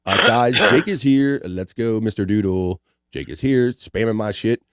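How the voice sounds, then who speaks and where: A male podcast host chatting on a live stream, reading viewers' messages aloud and joking along. His voice is lively and bouncy, and the sound is dry and close to the mic. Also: fairly low pitch, measured pace, no echo. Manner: animated, jokey, reads chat messages aloud. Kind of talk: casual live-stream chat.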